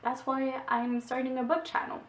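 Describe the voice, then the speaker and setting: A woman's voice: sits high, monotone, normal speed, slight background noise. A young woman with a Québécois French accent, French her first language, chatting casually about her books with lots of "like". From Quebec, Canada. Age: young adult. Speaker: booktuber. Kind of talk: casual book haul vlog. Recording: echoey room, distant mic.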